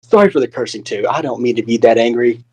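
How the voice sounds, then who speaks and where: A man in character as a wrestler, volatile and cursing, swinging between forced calm and anger. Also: mid-range voice, fast talker, slightly rough. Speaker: wrestler persona in a press conference roleplay.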